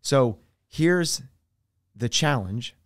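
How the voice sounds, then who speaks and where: A man speaking as a podcast guest and coach, explaining his ideas earnestly with everyday examples and dropping his voice softer on key terms. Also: mid-range voice, animated, drawn-out words, no echo, clean studio sound. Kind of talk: conversational podcast interview.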